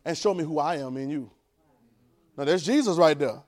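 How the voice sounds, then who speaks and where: A man preaching a sermon, urging the congregation to repeat lines after him and swinging between quiet, drawn-out talk and loud bursts. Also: on the high side, expressive.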